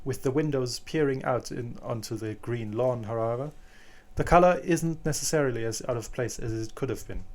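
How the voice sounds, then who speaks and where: Male narrator for fan audiobook, plain steady read, occasional restarts. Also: mid-range voice, normal speed. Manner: plain reading with small restarts.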